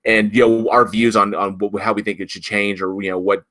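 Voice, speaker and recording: A man's voice: on the low side, brisk, no echo. A man hosting a live online talk show in casual chat, telling stories and acting out what people said. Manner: animated storyteller, acts out quotes.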